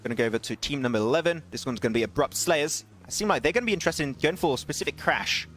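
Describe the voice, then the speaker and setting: High, fast-talking young male esports caster. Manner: excitable, pitch jumps on big plays, laughs at himself. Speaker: esports caster streaming solo. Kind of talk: live game commentary with chat asides.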